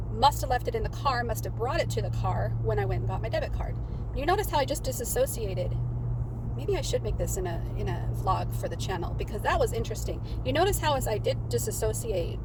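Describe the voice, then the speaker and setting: A woman's voice: a little high, noisy background. A woman talking through her notes in a casual, rambling way, often stopping and restarting her sentences. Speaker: vlogger. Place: in and around a parked car.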